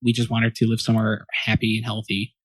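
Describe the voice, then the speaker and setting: A man's voice: on the low side, quick pace, husky, no echo, studio quality. A young man telling a story as a guest on a podcast, acting out his relatives' lines with lots of "like" and "you know.". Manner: animated storyteller, acts out quoted relatives.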